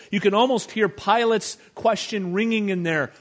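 A man delivers a sermon as a pastor, his voice sitting a little high for a man. He drops to near-quiet on tender lines and rises with force on pointed ones. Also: normal speed, hardly any pauses. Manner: preaching with swings between hushed and emphatic delivery.

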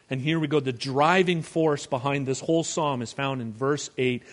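A man pastor preaching a sermon, moving between hushed, tender passages and raised, emphatic ones. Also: medium pitch, normal speed, hardly any pauses.

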